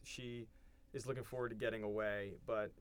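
A man's voice: fairly low pitch, flat delivery, clear, resonant tone. Man rambling through a recap. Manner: rambling, halting recap full of ums and restarts. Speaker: podcast co-host. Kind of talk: casual chat recapping an episode.

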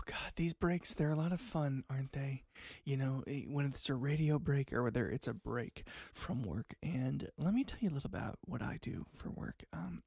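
A man's voice: medium pitch, gravelly, a little mellow, husky, dry recording, studio quality. A man hosting an improvised comedy call-in show, talking in a rambling, earnest way that sometimes drops to near whispers. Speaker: talk show host.

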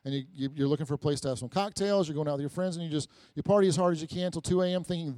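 A middle-aged male pastor, his voice a bit high for a man, gives a relaxed, story-driven conversational sermon, often restarting and repeating words. He talks rapid-fire with few pauses, recorded close and dry with almost no room echo.

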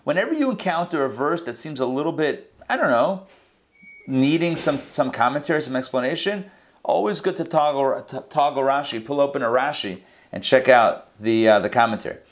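A man teaching a scripture lesson verse by verse, in a conversational way with quick asides and restarts. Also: mid-range voice, lively intonation. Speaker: Torah teacher. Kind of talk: casual verse-by-verse Bible lesson.

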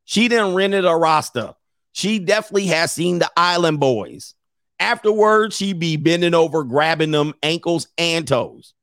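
A man's voice: on the high side, fairly bright tone, no room sound, clean studio sound. A man hosting a stream, ranting comically in casual slang and laughing often. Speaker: streamer host. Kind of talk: casual comedic rant.

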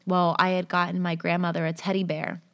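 A woman's voice: lowish voice, little pitch movement, a little fast, a bit bright, no room sound. A young woman telling personal stories and reading others aloud in a casual, conversational way, with frequent fillers. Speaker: storyteller.

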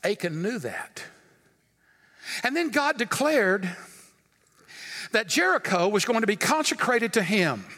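A man's voice: high voice, sing-song, a little slow, pauses often, bright, forceful tone, in a large hall. A male pastor preaching a sermon earnestly, with emphatic rises.

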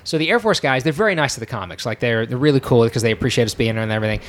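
A man born in Israel, a comedian, telling an animated anecdote on a casual podcast and acting out the people in it. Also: mid-range voice, racing. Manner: animated storyteller who acts out the people in his anecdotes.

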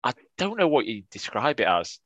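A man's voice: medium pitch, big pitch swings, fairly quick, fairly bright tone, no room sound, muffled recording. A man co-hosting a football fan podcast, chatting casually with wry, teasing banter and frequent restarts. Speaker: podcast co-host.

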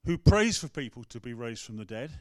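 A man's voice: medium pitch, sing-song, a little fast, a little mellow, dry recording, studio quality. English man telling a story in a sermon. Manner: storytelling, conversational, acts out quotes. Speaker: rector. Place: church.

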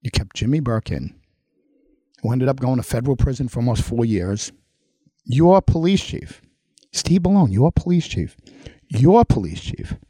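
A man's voice: fairly high pitch, warm tone, breathy edge, no echo. A middle-aged man with a Long Island accent hosting a political commentary show, delivering a heated monologue with emphatic repetition and addressing his targets directly.

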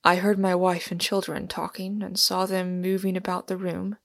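A woman voicing a solemn, weary male pilgrim in an audiobook reading, speaking gravely and often half-whispering. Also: fairly low pitch, flat delivery, moderate pace, no room sound, studio quality. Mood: sorrowful.

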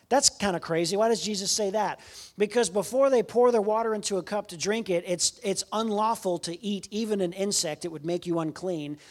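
High-voiced man preaching animated sermon. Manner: animated storytelling, swings from loud to quiet. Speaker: guest preacher.

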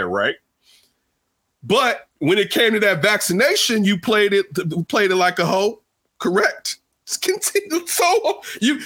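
A man hosting casual sports talk, animated and rambling, jumping from loud outbursts to low asides. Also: slightly rough. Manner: rambling, restarts often.

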